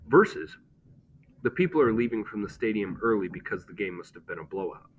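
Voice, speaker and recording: A man's voice: fairly low pitch, expressive, fast talker, highs cut off. A man teaching a grammar lesson, explaining step by step and checking in with "okay?".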